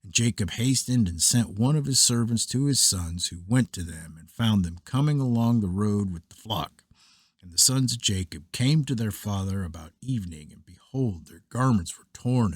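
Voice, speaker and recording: A man giving a measured, solemn reading of an archaic scripture text. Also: lowish voice, expressive, husky, dry recording, clean studio sound. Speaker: scripture reader.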